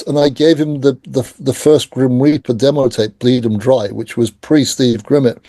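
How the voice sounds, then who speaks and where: A middle-aged man telling stories in a casual interview, animated and acting out the voices of people he quotes. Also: mid-range voice, no echo. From England. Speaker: guest.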